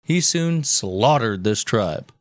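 A man co-hosting a podcast, narrating history with deadpan delivery and crude asides. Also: medium pitch, slow pace, no room sound, clean studio sound. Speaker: podcast co-host.

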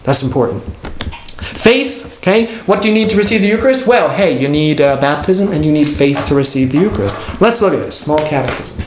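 A man's voice: fairly high pitch, expressive, brisk. A man who is a pastor teaching an informal catechism class, talking conversationally, joking and acting out the people he quotes. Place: church classroom. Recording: echoey room with faint noise.

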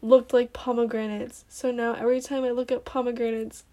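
Young woman, higher voice, casual livestream, animated storytelling, emphatic. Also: fairly quick. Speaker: livestream co-host. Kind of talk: casual late-night livestream chat.

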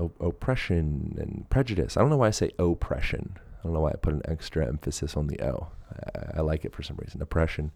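A man's voice: rumbling low, darkish tone, no echo. A man hosting his podcast, giving a casual, rambling introduction with fillers and self-mocking asides. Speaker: podcast host.

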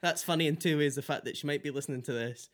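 A man's voice: on the high side, fast. A man co-hosting a podcast in casual chat, jokey and rambling, trailing off into filler words. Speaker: podcast co-host.

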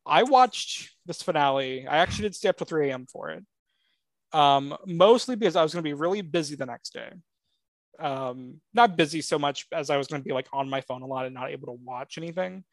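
A man co-hosting a pop-culture podcast in loose, rambling chat. His voice sits a little high and is recorded dry, with no room sound. He pads his thoughts with ums and uhs and gets excited about his fandom. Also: a little fast, dry recording. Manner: rambling, with frequent filler words; excitable fan enthusiasm. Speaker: podcast co-host.

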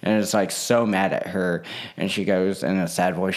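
A man's voice: deep voice, fairly even intonation, moderate pace. A man in a casual vlog monologue, rambling with lots of fillers and restarts.

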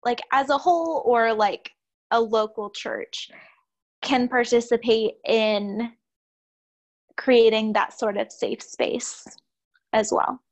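A woman hosting a podcast, talking in a relaxed way with many fillers as she reads an appeal and asks a question. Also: a little high, slow pace, long pauses. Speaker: podcast host.

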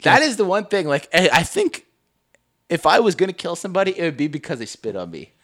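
A man's voice: a little high, very animated, fast, a bit bright. A man co-hosting a podcast in casual chat, telling stories animatedly, laughing and swearing often. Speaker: podcast co-host.

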